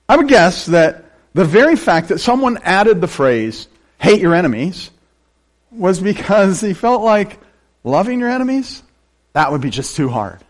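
Lively older preacher, man. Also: high voice. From western Pennsylvania. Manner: animated preaching with joking asides. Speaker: pastor. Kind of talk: sermon.

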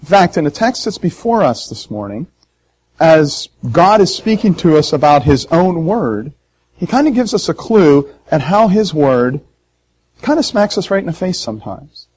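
A man who is a pastor, preaching a sermon in an emotional, emphatic way with sharp swings in loudness. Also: a little high, sing-song, normal speed, slightly rough, low-quality recording. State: hoarse.

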